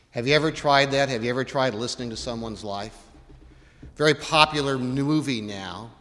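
A man's voice: medium pitch, a bit bright, long reverb tail. A man preaching a sermon as pastor, putting repeated questions to his congregation. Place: church.

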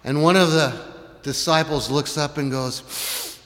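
A man preaching a sermon, retelling a story with animated, dramatic delivery. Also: fairly high pitch, unhurried. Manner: animated storytelling, acts out voices, rises to shouts. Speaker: pastor. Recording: long reverb in a large hall.

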